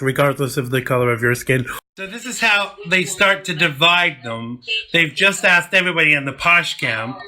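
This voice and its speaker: A man's voice: a little high, bright, forceful tone. A man hosting his vlog, chatting casually and jokily about a TV show as he watches it. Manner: chatty, rambling, jokey asides. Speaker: vlog host.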